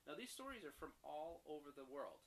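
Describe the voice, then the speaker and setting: Animated dad reading a picture book. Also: male voice, fairly high pitch, a little fast, slight background noise, rough recording. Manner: animated, stops to explain words to his child. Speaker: father reading to his daughter.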